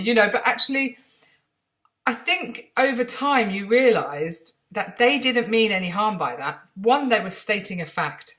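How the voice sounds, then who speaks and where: A middle-aged Englishwoman vlogs from a room in her home, telling chatty, self-mocking anecdotes to camera and mimicking the voices of people she met. Her medium-pitched voice is expressive and bright, with a forceful tone and a measured pace.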